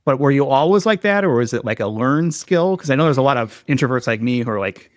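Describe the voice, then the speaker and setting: A man's voice: mid-range voice, expressive, quick pace, no echo, clean studio sound. A male podcast co-host who teases his guests playfully and calls himself an introvert. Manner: teasing, self-described introvert. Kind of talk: casual podcast chat.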